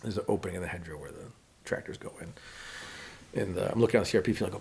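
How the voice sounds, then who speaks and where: Guy rattling off stories fast, low raspy voice, does little voices for people. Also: in a whisper. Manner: animated, acts out quotes of others. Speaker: podcast guest. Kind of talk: casual storytelling.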